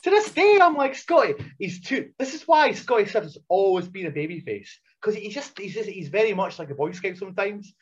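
A man races through his stories in a fairly high, husky voice. He talks in an animated, foul-mouthed way and restarts his sentences often. The recording sounds muffled and lo-fi. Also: brisk, hardly any pauses. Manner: animated, swears freely, many restarts. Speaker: wrestler and coach, podcast guest. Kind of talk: casual storytelling chat.

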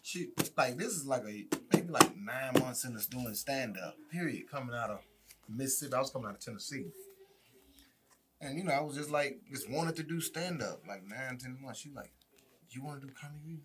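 A man's voice: mid-range voice, lively intonation, moderate pace. A talkative male comedian recalling his early stand-up days in a casual chat. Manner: talkative, loose storytelling. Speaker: comedian, podcast co-host. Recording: loud background noise.

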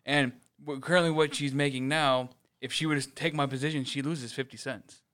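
A man's voice: medium pitch, steady tone, brisk, fairly bright tone. A man co-hosting a casual podcast, talking in a rambling, self-deprecating way with casual swearing. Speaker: podcast co-host.

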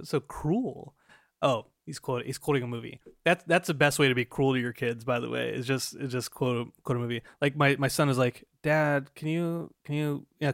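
A man's voice: medium pitch, creaky, a bit bright, dry recording, studio quality. A man in his thirties co-hosting a podcast, playful and laughing often, with many restarts as he explains. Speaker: podcast co-host. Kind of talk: casual podcast chat.

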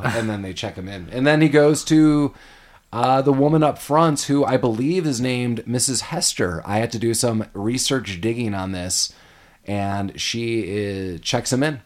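A man hosting a podcast, retelling movie scenes in a casual, animated way and dropping into quick character voices. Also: mid-range voice. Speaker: podcast host.

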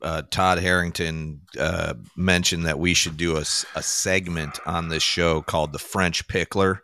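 A man's voice: sits low, flat delivery, unhurried, sharp tone, a little hiss or hum. A man hosting a podcast in casual chat, rambling and joking, laughing at his own jokes. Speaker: podcast host.

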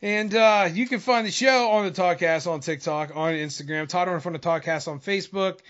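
Brief: male podcast host, bright high voice, excitable and blurting, dull lo-fi sound. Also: normal speed. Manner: excitable, swings from mumbling to loud outbursts. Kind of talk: casual podcast chat.

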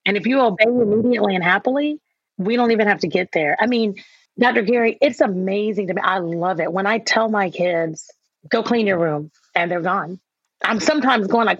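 A woman author being interviewed about raising kids, telling lively stories and acting out the voices of herself and her children. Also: medium pitch, brisk, breathy edge, dry recording. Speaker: author and guest. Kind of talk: conversational interview. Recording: dull, dry sound.

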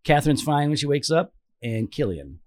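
A man in his forties telling stories in a loose, joking chat. His pitch swings widely as he acts out scenes and teases his co-host. The sound is close and dry. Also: moderate pace, no room sound. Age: 40s. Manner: animated storyteller, teasing, acts out his own shouting. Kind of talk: casual chat.

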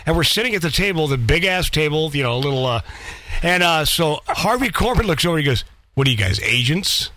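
A man's voice: fairly high pitch, expressive, quick pace, fairly bright tone, no echo. A man, the host's brother, telling a rambling story in a casual chat.

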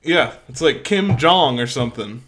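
A man's voice: mid-range voice, animated, normal speed, background noise. A man hosting a podcast in casual chat, laid-back and joking, laughing often. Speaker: podcast host.

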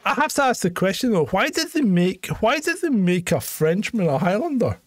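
A man co-hosting a casual podcast, chatty and quick to laugh and argue a point. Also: high-pitched, big pitch swings, a bit bright, no echo, clean studio sound. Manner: chatty, laughs often, argumentative banter. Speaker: podcast co-host. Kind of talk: casual chat.

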